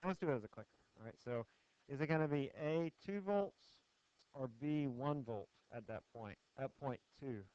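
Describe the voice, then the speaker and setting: A man's voice: mid-range voice, brisk, a little mellow, no room sound. Man lecturing physics. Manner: conversational, asks the class questions and jokes. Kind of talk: classroom lecture with clicker questions. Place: lecture hall. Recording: dull lo-fi classroom screencast audio, dry.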